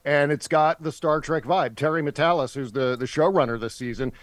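A man's voice: on the high side, brisk, no room sound. A man who comes on a radio show as a regular guest and chats casually in an earnest, enthusiastic way. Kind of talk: casual talk radio chat.

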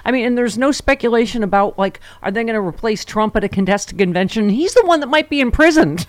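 A woman's voice: a little high, lively intonation, fast talker, dry recording. A woman hosting a political talk show, bantering casually and joking, often with a laugh. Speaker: radio talk show host.

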